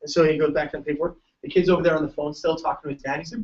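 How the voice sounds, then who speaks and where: A man's voice: a little high, steady tone, racing, far from the mic, lo-fi sound, background noise. A man giving a joking, story-filled motivational talk to students at a large event. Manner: joking, tells stories, laughs often. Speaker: keynote speaker.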